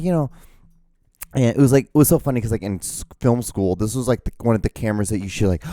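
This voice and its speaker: A man hosting his own podcast, rambling excitedly about gear with lots of fillers and restarts, out of breath. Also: medium pitch, quick pace, no echo, clean studio sound. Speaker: host. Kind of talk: casual solo podcast rambling. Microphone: camera mic, speaking to camera.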